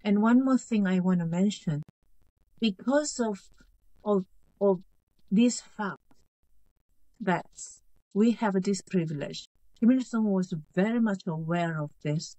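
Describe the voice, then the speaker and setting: A woman in her fifties raised in North Korea, a guest author in an interview, speaking in a halting, earnest way, repeating phrases and checking she is understood. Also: medium pitch, mellow, dry recording, low-quality recording. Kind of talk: interview conversation.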